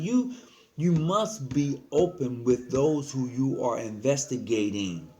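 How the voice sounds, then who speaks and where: A man's voice: medium pitch, darkish tone. An earnest man talking casually to the camera, giving frank advice as a lodge member, often repeating himself and slipping into slang.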